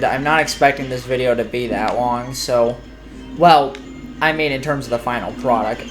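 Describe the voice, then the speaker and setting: A man giving casual, rambling commentary while playing a video game, chatty and self-deprecating. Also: medium pitch. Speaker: gaming YouTuber. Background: faint game music.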